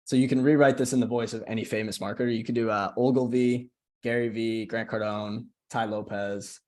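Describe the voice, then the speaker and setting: A man's voice: mid-range voice, fairly even intonation, a little fast, darkish tone. A young man casually walking a group call through a screen-share tutorial, often checking in with "right?". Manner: casual, chatty, keeps asking "right?". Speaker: social media coach.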